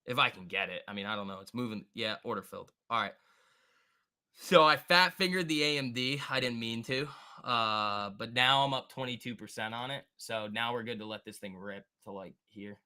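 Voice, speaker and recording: A man hosting a live stock trading stream, thinking aloud and answering chat in an excitable, quick way. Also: mid-range voice, clean tone. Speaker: stock trading livestream host. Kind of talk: live market commentary reading chat.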